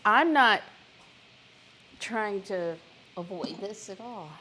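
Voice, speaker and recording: This woman's medium-pitched voice is animated, bright, and forceful, with a breathy edge, though she takes things slowly. She hosts a live cooking stream at home, chatting with viewers and making jokes about herself while she cooks.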